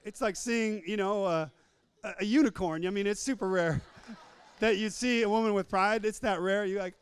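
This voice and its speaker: A man's voice: high-pitched, moderate pace, clean tone. A man preaching a humorous sermon, repeating phrases for emphasis and acting out little scenes in different voices.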